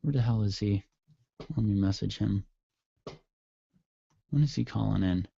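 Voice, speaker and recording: A man's voice: on the low side, measured pace, gravelly, mellow, husky, lo-fi sound. A man hosting an internet radio show, rambling and cursing sarcastically in a casual solo rant.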